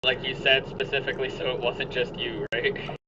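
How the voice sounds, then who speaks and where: A man's voice: mid-range voice, little pitch movement, moderate pace, a loud crowd. A man in casual chat among players, agreeing and backing up the point. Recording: dull lo-fi audio with loud background noise.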